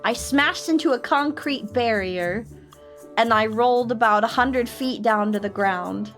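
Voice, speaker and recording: A woman and military veteran casually telling a story on her stream, animated and laughing as she acts out friends' voices. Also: on the high side, measured pace, faint music behind.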